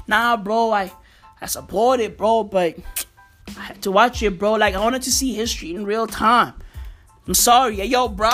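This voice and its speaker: A man ranting excitedly to camera about football, swearing constantly and stumbling over repeated words. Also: sits high, moderate pace, soft background music. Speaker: vlogger and football fan. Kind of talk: casual profane rant to camera.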